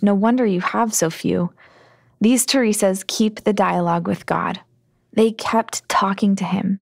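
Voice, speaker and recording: Brief: woman narrator, mid pitch, gentle scripted read, very dry studio sound. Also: gravelly, dry recording. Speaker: host narrator.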